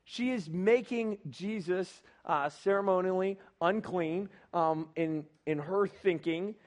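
Young man, high-pitched, preaching casually, animated storytelling. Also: slow. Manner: animated, acts out the people in the story. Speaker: pastor. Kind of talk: sermon on a Bible passage.

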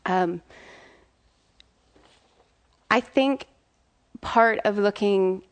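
Woman in her 30s telling her faith story, earnest and open, trips over her words a bit. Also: medium pitch. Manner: earnest, candid, faltering with fillers and restarts. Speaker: mother sharing a faith testimony. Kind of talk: heartfelt personal testimony.

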